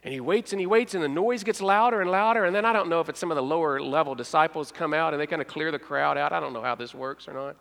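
A man pastor preaching a sermon in a church, telling a story with dramatic pauses, hushed moments and acted-out voices. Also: on the high side, gravelly, in a large hall. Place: church sanctuary.

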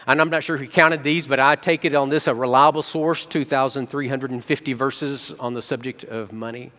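A man preaching a sermon as a pastor, telling stories and jumping between soft low asides and excited quoted voices. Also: long reverb tail.

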